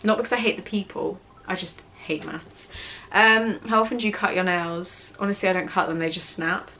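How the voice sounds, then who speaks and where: A woman's voice: fairly low pitch, moderate pace, bright, forceful tone, a little hiss or hum. Chatty young British woman vlogger. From England. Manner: chatty, self-mocking, rambling. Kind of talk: casual Q&A chat. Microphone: camera on tripod with ring light.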